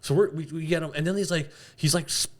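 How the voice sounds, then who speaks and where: A man's voice: a little high, fast. A middle-aged man co-hosting a podcast, telling a story in casual chat, acting out the people in it and laughing often. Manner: animated storyteller, acts out shouted quotes, laughs often. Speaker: podcast co-host.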